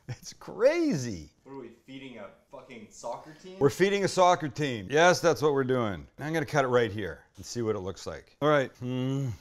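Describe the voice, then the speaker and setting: An older man hosting a cooking show, chatting casually and with enthusiasm to viewers as he cooks. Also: medium pitch. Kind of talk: casual cooking demo chat.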